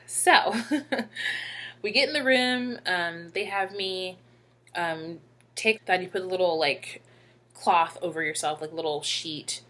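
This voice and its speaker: Lowish, bright-voiced young woman. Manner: halting, emotional, many fillers. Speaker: vlogger. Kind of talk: personal storytelling to camera.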